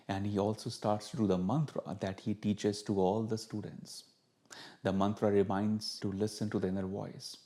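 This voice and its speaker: Calm, mellow-voiced man. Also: fairly low pitch. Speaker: spiritual teacher. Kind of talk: storytelling monologue to camera.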